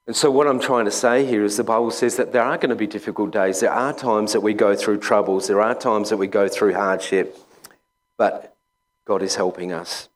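A man, a school chaplain, preaching a sermon in a conversational, halting way with many pauses and restarts. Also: on the low side. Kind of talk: sermon with personal story.

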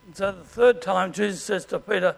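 An Australian man preaching a sermon as pastor, in a conversational way and often clearing his throat. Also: sits high, a little fast.

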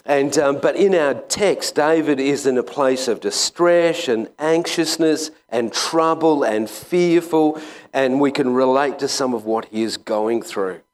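A man, a school chaplain, preaching a sermon in a conversational, halting way with many pauses and restarts. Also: medium pitch. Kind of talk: sermon with personal story.

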